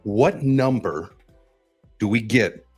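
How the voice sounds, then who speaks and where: Low-ish voiced guy hosting a stream chat, quick and upbeat, faint music behind. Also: animated, a little mellow, breathy edge. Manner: quick, upbeat, loose with fillers. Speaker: host. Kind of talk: casual group chat on a live stream.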